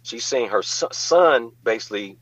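Husky-voiced man telling his story. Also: medium pitch, normal speed, dry recording. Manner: animated, acts out quoted voices. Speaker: guest. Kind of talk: casual storytelling in an interview.

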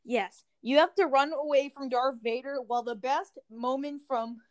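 Brief: female podcast host, high bright pitch, rambling jokey recap, casual. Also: steady tone, normal speed, poor audio. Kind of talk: casual game review chat.

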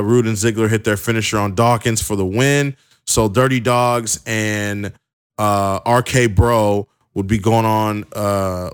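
Young guy with a lowish voice doing a loose, rambling wrestling recap, lots of ums. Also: a bit bright, clear, resonant tone. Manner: chatty, many fillers and restarts. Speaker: wrestling show reviewer. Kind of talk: casual recap commentary.

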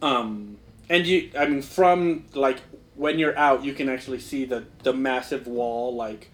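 A man's voice: medium pitch, a little slow. A young man narrating as game master in a casual, rambling way, full of fillers. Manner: rambling, filler-heavy, laughs often.

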